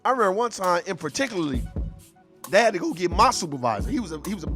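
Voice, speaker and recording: A man telling a story in an animated, profane, streetwise casual rant. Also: high-pitched, fast, soft background music. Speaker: show host.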